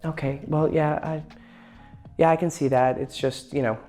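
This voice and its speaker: A man voicing an upset young girlfriend who speaks softly and hesitantly. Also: on the high side, fairly even intonation, normal speed, soft background music, pitched above the performer's own voice, lightly acted. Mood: hurt.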